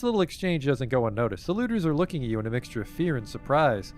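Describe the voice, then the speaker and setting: A man's voice: medium pitch, big pitch swings, quick pace, few pauses, faint music behind. A young man streaming a game, reading its narration aloud and dropping wry asides.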